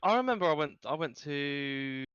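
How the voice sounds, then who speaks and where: A man's voice: a little high, lively intonation, normal speed, muffled recording, over a noisy crowd. A man co-hosting a casual podcast, telling stories hesitantly with many restarts. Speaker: podcast co-host.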